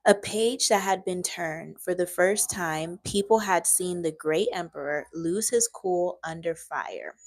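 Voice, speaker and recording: A woman's voice: on the low side, measured pace, few pauses, dry recording. A young woman reading a book aloud on a live stream, breaking off now and then to chat with viewers.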